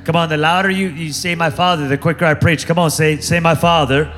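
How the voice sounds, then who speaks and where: Guy preaching with call and response, voice a bit high, soft music under it. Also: fairly even intonation, a little fast. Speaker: guest preacher. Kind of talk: sermon.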